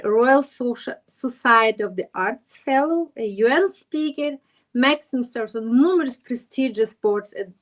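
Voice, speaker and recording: Enthusiastic female podcast host, a bit high-pitched, effusive. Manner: effusive, enthusiastic with halting phrasing. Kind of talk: podcast interview.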